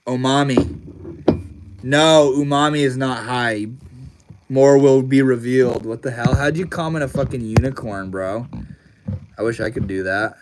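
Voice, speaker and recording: A man's voice: medium pitch, unhurried, noisy background. A young man hosting a casual livestream, talking loosely with lots of slang and swearing and laughing often. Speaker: livestream host.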